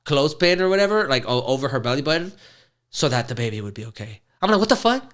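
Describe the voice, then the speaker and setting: Bright, smooth-voiced man. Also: medium pitch, animated, quick pace. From Houston, Texas. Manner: profane, laughing, loose storyteller. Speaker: podcast host. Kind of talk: casual storytelling chat.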